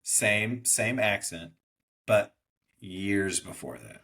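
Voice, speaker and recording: A man's voice: lowish voice, a little slow, a bit bright. A man co-hosting a podcast in casual chat, rambling and hesitant, fond of quoting movies. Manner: rambling, hesitant, many fillers and restarts, quotes movies. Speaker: podcast co-host.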